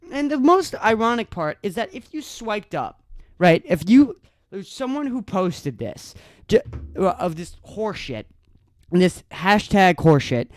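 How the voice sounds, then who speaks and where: A man rants alone on his podcast, angry and foul-mouthed, tripping over his own restarts. His pitch swings widely as he talks. The sound is dry and close, with no room around it. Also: big pitch swings, a little slow, dry recording. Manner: angry, profane ranting with stammered restarts. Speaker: podcast host. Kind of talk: solo podcast rant.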